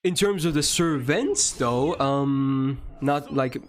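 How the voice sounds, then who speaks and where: A man's voice: mid-range voice, slow pace. A young man streaming a game and chatting casually with his viewers, answering their questions in a rambling way and swearing freely.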